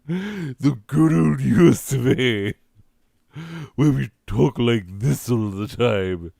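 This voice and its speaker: A man's voice: mid-range voice, expressive, takes it slowly, creaky, dark tone, no echo, studio quality, exaggerated voice. A man voicing a snooty, prudish old-fashioned lady who lectures about proper manners in a haughty, affected accent. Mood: indignant. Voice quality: haughty, affected upper-class lilt. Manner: scolding and prudish, lecturing the listener. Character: snooty prim old-fashioned lady giving etiquette tips.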